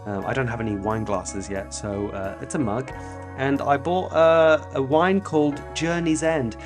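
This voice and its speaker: A middle-pitched man from France hosts a podcast in a loose, rambling way. He mocks himself and swears freely, then settles into reading an essay aloud. Faint music plays softly under his voice. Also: steady tone, unhurried. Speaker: podcast host.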